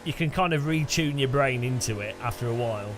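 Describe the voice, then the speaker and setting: A man with an English Midlands accent, chatting casually and excitably while he streams a sim race. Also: mid-range voice, brisk, a little hiss or hum. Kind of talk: live-stream chat while sim racing. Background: loud background music.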